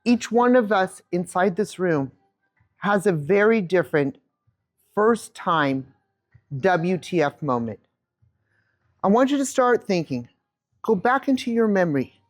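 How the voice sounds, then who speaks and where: A woman in her fifties giving a keynote talk on stage, telling a childhood story to a live audience with an animated manner and a handheld mic. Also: mid-range voice, unhurried, long pauses. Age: 50s. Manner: animated storyteller, acts out quotes. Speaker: keynote speaker.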